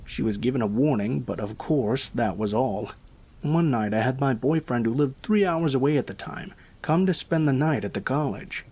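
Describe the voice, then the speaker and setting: A man narrating a first-person horror story in a steady, scripted reading voice. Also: mid-range voice, slightly rough.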